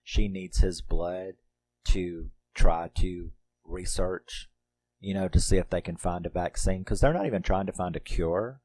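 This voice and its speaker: Man, middle-aged, very low voice, casual movie review, laughs a lot, swears casually. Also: measured pace, a little mellow.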